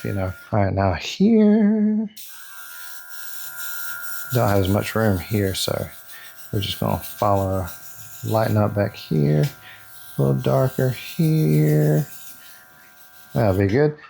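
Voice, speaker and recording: A man's voice: fairly low pitch, creaky, darkish tone, a little hiss or hum. A man hosting a casual airbrush painting tutorial, talking to himself as he works and counting out his steps. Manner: chatty, self-talk while working, counts out steps. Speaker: airbrush artist and tutorial host.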